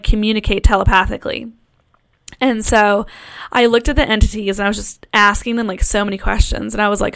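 A young woman hosting a podcast, telling a personal story in a casual monologue, full of fillers and swearing. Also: medium pitch. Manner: frequent fillers, swears freely, animated retelling. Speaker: podcast host.

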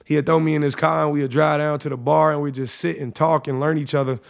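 Gravelly young man reading his journals. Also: fairly high pitch, little pitch movement, fairly quick. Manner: casual, emotional, slangy, reflective. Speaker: podcast host. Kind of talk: reading personal journal entries aloud.

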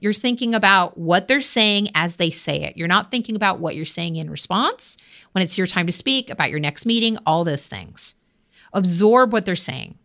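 A woman talks straight to her listener, coaching leaders through a solo podcast episode. Her voice sits at an ordinary middle pitch. She is direct and encouraging, now and then calling the listener her friend. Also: fairly bright tone. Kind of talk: solo podcast advice talk.

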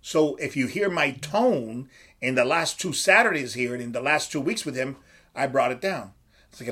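Animated, lively-voiced male coach. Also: medium pitch, normal speed, slightly rough. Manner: animated, coaching tone, swears freely, asks and answers his own questions. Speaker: podcast host and strength coach. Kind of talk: casual podcast talk.

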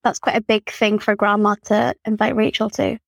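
A woman's voice: mid-range voice, flat delivery, moderate pace, vocal fry, no room sound, studio quality. A woman co-hosting a podcast who gives her opinions on a film in a chatty, joking way. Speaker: podcast co-host. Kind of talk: casual movie chat.

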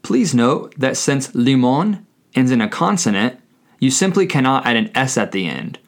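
Delivering a scripted language lesson, a man speaks with deliberate care and spells out each word letter by letter, his mid-range voice taking on a sing-song quality.

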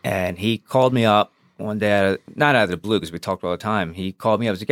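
Low-voiced man telling a raw personal story. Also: fast, few pauses, no echo, clean studio sound. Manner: frank and profane, re-enacts dialogue. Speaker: podcast guest, former police officer.

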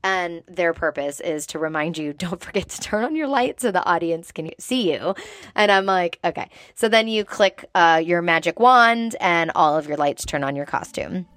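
A woman host chats through a story in a loose, animated way, dropping "like" into almost every sentence. Her voice sits a little low for a woman. The recording is dry and close, with no room sound. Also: moderate pace, dry recording. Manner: chatty and animated, heavy use of "like". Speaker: host recounting past work as a theme-park performer. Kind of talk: casual storytelling to viewers.

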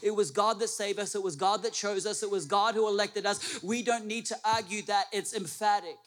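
A man's voice: sits high, fairly bright tone, big-room sound. A male pastor preaching a sermon to a congregation, emphatic, repeating his phrases and asking the room questions. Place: church hall with an audience.

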